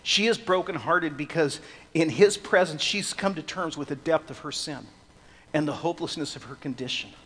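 A man preaching an expository sermon, swinging from hushed, slow passages to loud, emphatic ones. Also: on the high side, breathy edge, big-room sound. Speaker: pastor.

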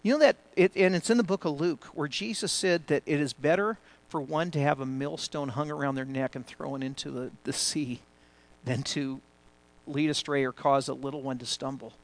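Earnest preaching man, fairly high voice. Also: steady tone, moderate pace. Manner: earnest, conversational preaching with frequent restarts; rises louder and higher when building a point. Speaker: pastor. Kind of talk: sermon. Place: church before a congregation.

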